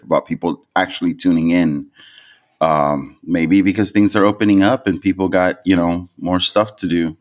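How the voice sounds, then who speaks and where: A man with a fairly low voice co-hosts a podcast in easy casual chat. He rambles, backs up to correct himself and leans on fillers as he works through his thoughts. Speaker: podcast co-host.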